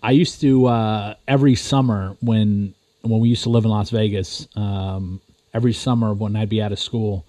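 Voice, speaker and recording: A young man on a casual podcast, relaxed and hesitant, with plenty of fillers. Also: on the low side, normal speed, dry recording. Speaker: podcast co-host.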